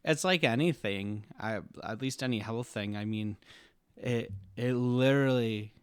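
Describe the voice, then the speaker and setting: A man's voice: mid-range voice, measured pace, smooth, dry recording, studio quality. A man, a podcast guest, chatting casually and telling a rambling story with self-deprecating jokes. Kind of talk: casual conversation.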